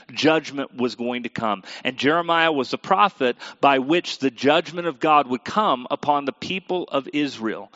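A man delivering a sermon in a fairly high voice, reading scripture and dropping low and quiet before rising to emphatic questions for his listeners. The sound is dry and a little dull, like a lo-fi recording. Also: no echo. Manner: reads scripture aloud, shifts between quiet and emphatic; asks the audience questions directly. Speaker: pastor.

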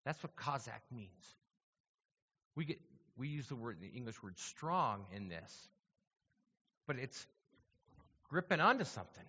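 A man's voice: mid-range voice, big pitch swings, a little slow, pauses often, pushed and bright, slightly rough, big-room sound, highs cut off. A man preaching a sermon, reading scripture aloud and then explaining it in a conversational teaching manner, often checking in with his listeners.

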